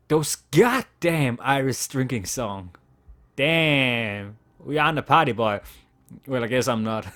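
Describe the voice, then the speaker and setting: A man casually playing a text adventure game aloud, stumbling over words, laughing and swearing as he reads. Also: mid-range voice. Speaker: game player reading aloud. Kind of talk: casual let's-play narration.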